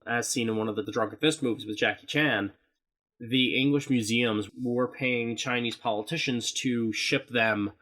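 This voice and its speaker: A man's voice: mid-range voice, pushed and bright. Rambling male podcast co-host. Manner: rambling and explanatory, swearing. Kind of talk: casual podcast chat.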